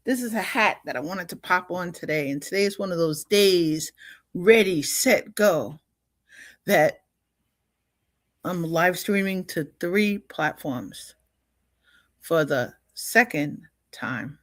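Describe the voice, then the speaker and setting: A woman's voice: lowish voice, expressive, takes it slowly, dry recording, studio quality. An older woman hosting a livestream in a casual, upbeat way, often laughing and greeting viewers by name. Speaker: livestream host.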